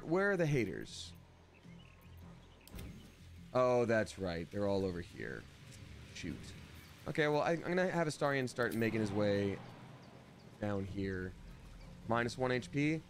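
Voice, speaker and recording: A man's voice: medium pitch, very animated, unhurried, pauses often, a little hiss or hum. A man streaming a video game with casual, playful commentary and silly asides. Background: game music.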